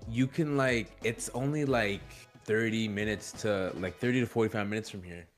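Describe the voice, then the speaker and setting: A young man in casual chat, talking in a relaxed, rambling way full of fillers. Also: fairly low pitch, normal speed, soft background music.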